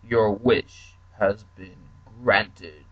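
A man voicing a solemn genie who grants wishes slowly. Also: lowish voice, steady tone, breathy edge, dull audio, heavily acted.

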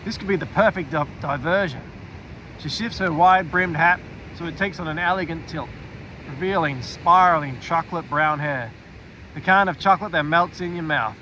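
A man reading a first-person fantasy audiobook in an expressive storytelling way, dropping to a quiet aside for the narrator's inner thoughts. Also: fairly high pitch, normal speed, slight background noise, low-quality recording.

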